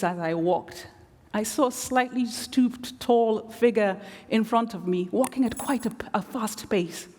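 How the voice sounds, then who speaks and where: Woman telling stories at a lecture, calm and measured, bit wry, big hall echo. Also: mid-range voice. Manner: measured, reflective, wry asides. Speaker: guest lecturer. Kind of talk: storytelling lecture. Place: large theatre. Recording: long theatre reverb.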